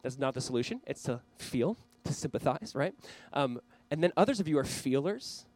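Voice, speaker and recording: A man's voice: mid-range voice, animated, normal speed, darkish tone, low-quality recording. A man preaching a sermon as pastor, earnestly urging his listeners. He speaks straight to a camera for viewers watching online.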